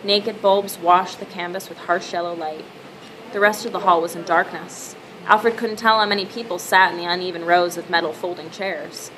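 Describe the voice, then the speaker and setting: A woman reading a novel aloud as narrator with a steady, measured delivery. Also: on the low side, a little hiss or hum, poor audio. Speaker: audiobook narrator. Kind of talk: scripted narration.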